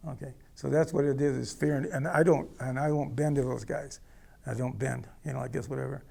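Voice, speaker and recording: A man's voice: medium pitch, steady tone, fairly quick, vocal fry, warm tone. A man from the United States telling a personal story in a blunt, rambling way, often checking in with the listener. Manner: blunt, rambling, checks in with "okay?" and "you know". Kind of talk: casual spoken storytelling.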